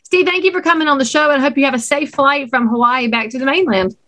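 A woman's voice: sits high, quick pace, a bit bright. Playful woman podcast host. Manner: playful, teasing. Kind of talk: casual interview chat.

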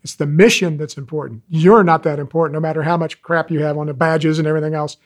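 A man in his sixties, an animal rescuer telling stories in an interview, animated and folksy. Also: on the high side, fast. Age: 60s. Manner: animated, folksy storyteller, acts out quoted callers. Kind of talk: interview talk, storytelling.

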